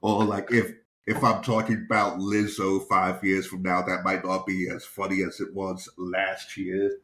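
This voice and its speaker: A man's voice: low voice, monotone, measured pace, a bit bright. A man, a stand-up comedian co-hosting a podcast, rambling through a story in casual chat. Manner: rambling storyteller, acts out quotes.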